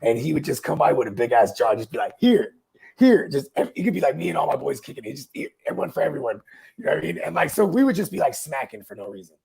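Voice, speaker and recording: A man's voice: fairly high pitch, lively intonation, very fast, creaky, darkish tone, breathy edge. A young man casually telling a long, rambling story, swearing and laughing along the way. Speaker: podcast host.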